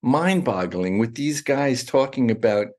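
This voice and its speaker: A man's voice: medium pitch, animated, measured pace, darkish tone. A middle-aged man talking as a guest in a casual interview, rambling and restarting his sentences often. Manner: rambling, with many restarts and fillers.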